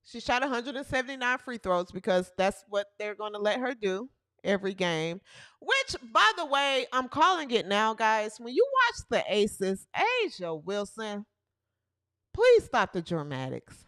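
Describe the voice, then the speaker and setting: Animated mocking woman host. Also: a little high, a little slow, no room sound, clean studio sound. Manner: animated, mocking, exaggerated hollering. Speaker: show host. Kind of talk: comic sports commentary livestream.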